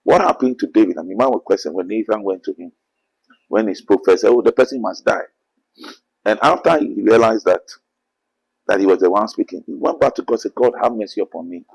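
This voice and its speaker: A man's voice: on the low side, animated, brisk, gravelly, darkish tone, breathy edge, rough recording. A man with a Ghanaian accent, an apostle answering interview questions in an earnest preaching manner, often quoting scripture. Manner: earnest, quotes scripture, rising to emphatic bursts.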